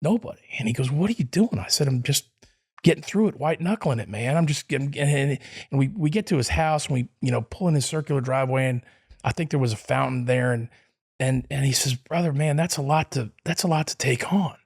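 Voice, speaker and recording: A man's voice: mid-range voice, fairly quick, a little mellow, breathy edge. A middle-aged man, telling a long personal story in an interview, rambling with many restarts and fillers. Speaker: podcast guest. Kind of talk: casual storytelling.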